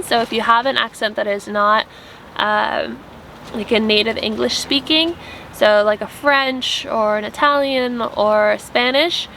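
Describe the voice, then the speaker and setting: Young woman vlogger, higher pitch, earnest rambling chat, faint outdoor noise in a tent. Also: vocal fry, sharp tone. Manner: earnest, rambling, many "like" fillers. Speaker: vlogger and app founder. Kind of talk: casual spiritual vlog chat. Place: tent at a campsite.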